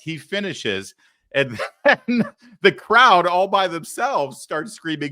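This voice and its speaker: A man's voice: fairly high pitch, very animated, measured pace, pushed and bright, no room sound. Man, middle-aged, talk show host, sarcastic commentary, dry close sound. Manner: sarcastic, mocking. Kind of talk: political commentary.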